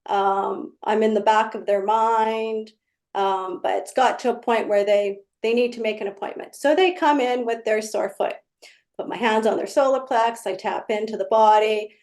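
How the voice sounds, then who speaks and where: A woman's voice: on the high side, fairly even intonation, normal speed, darkish tone. A woman energy healer explaining her work in casual conversation, telling client stories and acting out their exchanges. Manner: storytelling, acts out client exchanges.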